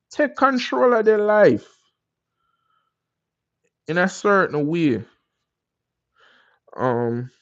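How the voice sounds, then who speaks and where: A man's voice: high voice, a bit bright, no room sound, dull audio. A man with a Jamaican accent, hosting a live stream and chatting casually with viewers, rambling into encouraging life advice. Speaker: livestream host.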